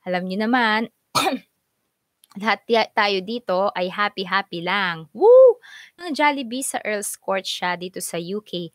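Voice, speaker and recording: A woman's voice: mid-range voice, unhurried, a bit bright, dry recording. A woman hosting a casual live stream, bubbly, reading out and greeting viewers by name.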